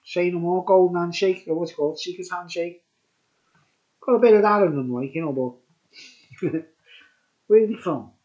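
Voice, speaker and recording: A man's voice: high-pitched, moderate pace, long pauses, darkish tone, muffled recording. A tipsy man rambling through a casual beer review, chuckling often and dropping conspiratorial asides.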